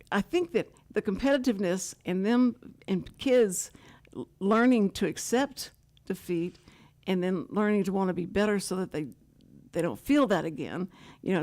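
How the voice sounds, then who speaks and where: An older woman with a drawl hosts her talk show at an ordinary middle pitch. She chats in a casual, rambling way, piling story on story with plenty of asides. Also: a little mellow. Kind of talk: casual chat.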